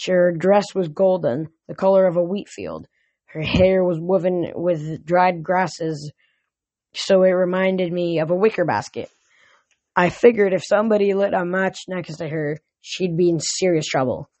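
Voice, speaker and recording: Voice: medium pitch, measured pace, darkish tone, no room sound. A reader narrating an audiobook chapter in a plain voice, with occasional slips and restarts.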